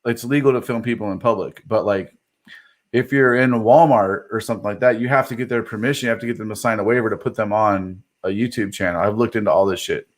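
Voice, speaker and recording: A man's voice: on the low side, fast. A man co-hosting a podcast in loose casual chat, rambling and swearing, acting out quoted people as he tells stories. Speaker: podcast co-host.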